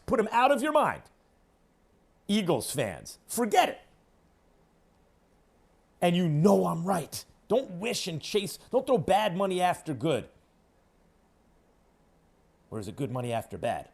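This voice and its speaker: A man hosting a sports radio show, delivering an opinionated monologue in an emphatic, hectoring way that swings between loud declarations and low asides. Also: huge pitch swings, a little slow, vocal fry, long pauses, slightly rough. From New York.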